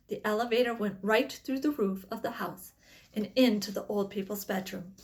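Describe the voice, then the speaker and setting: A woman reading a children's book aloud in plain storytelling, with small slips now and then. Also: high voice. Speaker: reader.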